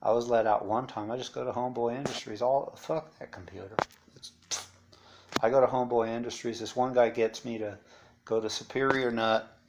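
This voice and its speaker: A man's voice: medium pitch, fairly even intonation, brisk, noisy background. A man telling his story in a blunt, profane, rambling way, full of asides. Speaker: interviewee recounting life after incarceration. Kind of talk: casual storytelling monologue.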